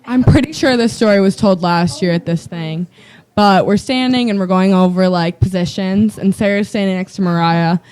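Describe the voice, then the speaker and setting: A young woman on a volleyball team recounts practice mishaps, voicing teammates and laughing along. Her voice sits at an ordinary middle pitch. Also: normal speed, smooth. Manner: lively, acts out quotes, laughs often. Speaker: volleyball player. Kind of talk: casual storytelling on a panel.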